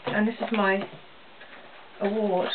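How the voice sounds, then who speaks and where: A woman's voice: mid-range voice, little pitch movement, takes it slowly. A woman who runs a small business, talking earnestly to camera in a personal vlog and repeating phrases for emphasis. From England. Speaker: small business owner vlogging. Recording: tinny phone-like audio, distant, faint hiss.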